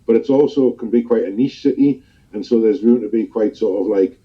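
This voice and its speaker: A man's voice: on the low side, brisk. A man, a guest in a casual interview, telling stories in a chatty, rambling way. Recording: dull lo-fi recording.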